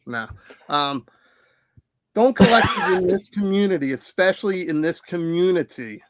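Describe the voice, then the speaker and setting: A man's voice: high-pitched, lively intonation, normal speed, over a noisy crowd. A man hosting a casual group chat, cutting in with teasing jokes. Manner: teasing, jokey interjections. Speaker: show host.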